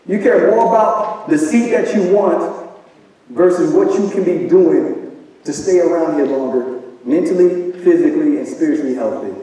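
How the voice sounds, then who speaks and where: A man delivers a motivational talk to a live audience, pressing them with question after question in a preachy style. His voice sits a little high but sounds mellow and dark. It is heard from a distance in a large, booming hall with long reverb. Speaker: event speaker. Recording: echoey hall from far off.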